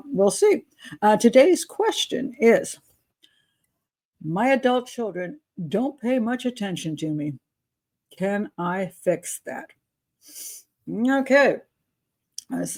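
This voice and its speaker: An older American woman with a medium-pitched, darkish voice hosts an advice show. She talks in a chatty, unscripted way, dropping in asides, in a casual advice monologue.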